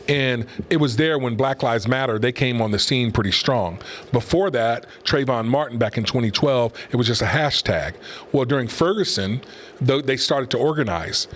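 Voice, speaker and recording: A middle-aged man hosting a talk show and giving opinionated, rambling commentary in a conversational way. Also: medium pitch. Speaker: host and pastor. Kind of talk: casual commentary podcast.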